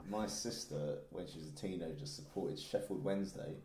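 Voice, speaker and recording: A man telling rambling anecdotes quickly in a casual podcast chat. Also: low voice, a little mellow. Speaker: podcast co-host or guest. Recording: roomy echo, faint noise.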